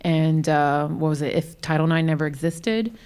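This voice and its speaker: A woman's voice: low voice, moderate pace, a little mellow, clean tone. A woman from the audience asking a hesitant question at a live Q&A, with many fillers.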